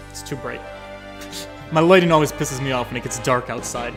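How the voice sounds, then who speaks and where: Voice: medium pitch, a little fast. A let's play streamer giving casual, joking gaming commentary with casual swearing over game music.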